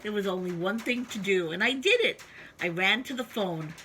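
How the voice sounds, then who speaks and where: A woman reading a children's story aloud, with expressive, sing-song emphasis. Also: mid-range voice, normal speed, slight background noise. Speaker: storybook reader.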